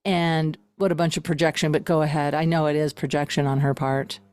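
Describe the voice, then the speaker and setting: A woman's voice: low-pitched, flat delivery, a little fast, darkish tone, clear, resonant tone. A woman hosting a podcast interview, affirming her guest with brief interjections and sharing her own recovery experiences. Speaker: podcast host and recovery coach.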